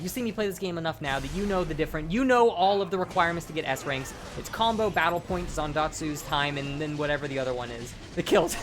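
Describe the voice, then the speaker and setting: A tipsy young man rambling and swearing as he commentates his own gameplay. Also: a little high. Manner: rambling, heavy swearing, frequent restarts.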